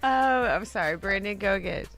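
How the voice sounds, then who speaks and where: A woman's voice: medium pitch, animated, normal speed, fairly bright tone. A woman co-hosting a radio show, chatting playfully and laughing often. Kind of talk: casual chat.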